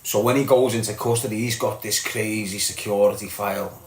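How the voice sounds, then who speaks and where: A Liverpool man with a Scouse accent hosts a live stream, talking bluntly to viewers, reading their comments aloud and swearing freely. His voice sits on the low side with a steady tone and a slightly fast pace, in an echoey room.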